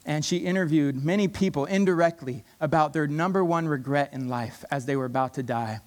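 A male preacher delivering a sermon with earnest passion. He leans on repetition to drive each point home, and his voice sits a little above the usual male pitch. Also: darkish tone. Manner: passionate, emphatic, repeats key phrases.

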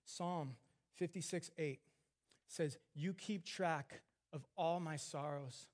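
A man's voice: a little high, takes it slowly. Earnest man preaching a sermon. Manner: earnest, swings between hushed tender lines and rising emphatic questions. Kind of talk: sermon teaching on scripture.

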